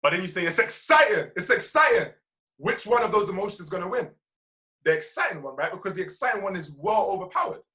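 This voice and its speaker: A man leading a motivational team call over video, energetic and slangy, often asking "right?". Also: high-pitched, fast talker, low-quality recording. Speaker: team trainer.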